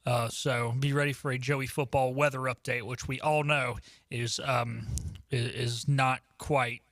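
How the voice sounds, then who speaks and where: A man's voice: mid-range voice, steady tone, a little slow, fairly bright tone, dry recording, clean studio sound. A young man hosting a casual sports talk radio show, chatty, with frequent ums and uhs.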